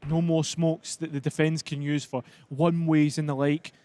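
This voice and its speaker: A man's voice: on the high side, flat delivery, normal speed, mellow. A man giving analytical color commentary on an esports match, sometimes correcting himself mid-sentence. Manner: analytical, occasional self-corrections and laughs.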